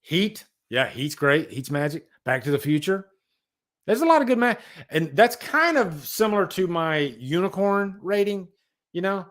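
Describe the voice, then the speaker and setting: Guy hosting a live stream, chatty and excitable, voice jumps all over. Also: sits high, moderate pace. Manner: enthusiastic, rambling, talks to chat viewers. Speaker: livestream host. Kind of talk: casual live-stream chat about movies.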